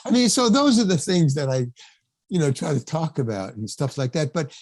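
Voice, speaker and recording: A man's voice: a little high, animated, moderate pace, a little mellow, dry recording. An older man, an actor, telling a rambling backstage story in a podcast interview, acting out the quotes, laughing often and swearing now and then. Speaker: actor guest.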